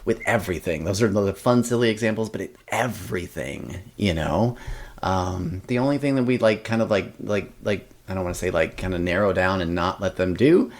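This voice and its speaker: Podcast guest, young man, low voice, rambling casual talker who acts out family quotes. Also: fairly quick. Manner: rambling, many fillers and restarts, quotes his family in lively voices. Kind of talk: casual interview chat.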